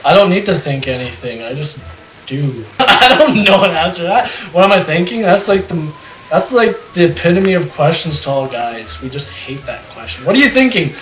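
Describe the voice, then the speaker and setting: A man's voice: fairly high pitch, expressive, moderate pace, a bit bright. A young man on a casual panel who laughs at himself while explaining what guys think about. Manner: laughing, self-deprecating. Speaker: panel member. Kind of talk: casual opinion chat. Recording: roomy, mic set back.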